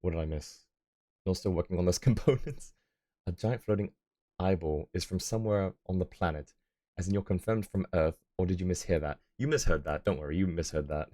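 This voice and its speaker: Low-voiced man chatting on a live stream. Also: brisk, warm tone. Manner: rambling, answers chat messages as he talks. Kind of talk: casual live-stream chat.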